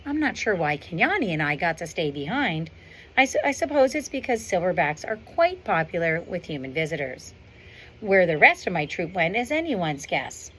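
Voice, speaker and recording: Woman reading a proud silverback gorilla with dry wit, low-voiced, storybook tone, faint wind behind. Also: very animated, normal speed, a bit bright. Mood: wry. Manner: wry, understated storybook narration. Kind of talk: reading a novel aloud. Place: outdoors on a windy day.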